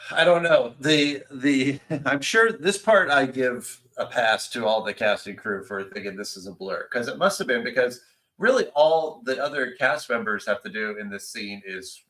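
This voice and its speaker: Bright, lively man hosting a podcast. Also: medium pitch, moderate pace, low-quality recording. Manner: animated, enthusiastic, emphatic. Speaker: podcast host. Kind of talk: casual chat.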